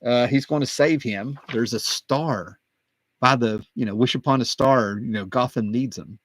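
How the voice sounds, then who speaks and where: A man hosting his own video, talking casually and excitedly, wandering off on tangents with plenty of fillers. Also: medium pitch, moderate pace, dry recording. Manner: excited, digressive, many fillers. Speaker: comic book collector and video host. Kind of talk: casual rambling talk.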